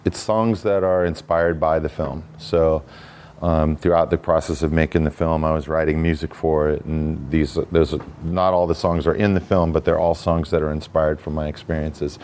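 A man's voice: extremely low pitch, level tone, moderate pace, a little mellow, a little hiss or hum. A man talking as a podcast guest, telling personal stories in a reflective, casual way, often restarting sentences and saying "you know". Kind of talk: casual conversational storytelling.

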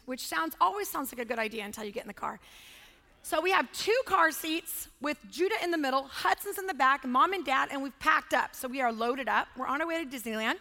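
A middle-aged woman giving a sermon as a guest speaker, telling a family story with animated delivery and acting out voices. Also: high-pitched. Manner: animated, acts out voices of her children. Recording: long hall reverb.

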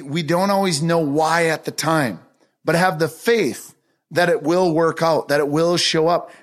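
Man, motivational podcast talk, earnest, emphatic, fairly high voice. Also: fairly bright tone. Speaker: podcast speaker.

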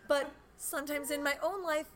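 A woman hosting a casual group chat about caring for children, chatty and quick to laugh and joke. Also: high-pitched, steady tone, fairly bright tone. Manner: chatty, laughs often, jokey asides. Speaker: podcast host.

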